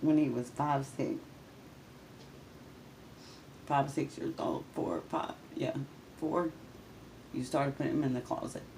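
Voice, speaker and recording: A woman's voice: extremely low pitch, expressive, moderate pace, darkish tone, slight background noise, poor audio. A woman speaking in a raw, emotional confessional monologue, swearing and venting, often talking straight to people who are not there. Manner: addresses absent people directly.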